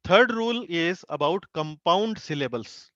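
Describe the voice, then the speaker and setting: A man teaching an online class, his voice a little high for a man. He explains slowly, repeats syllables and fills gaps with "uh". The sound is dull and lo-fi, close and dry. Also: animated, fairly bright tone, no room sound. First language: Hindi. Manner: slow explaining with many fillers and repeated syllables. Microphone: video call.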